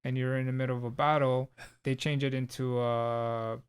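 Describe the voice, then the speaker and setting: A man's voice: medium pitch, little pitch movement, normal speed, smooth. A man co-hosting a casual podcast, chatting in a loose, rambling way with lots of fillers and restarts. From Southern California. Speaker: podcast co-host. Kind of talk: casual chat.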